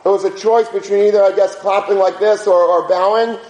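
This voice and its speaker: A man's voice: high-pitched, fairly even intonation, fairly quick, a little mellow. A man teaching a conversational religious lecture, telling stories in an informal, anecdotal way and dropping in Hebrew and Yiddish terms. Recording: roomy echo.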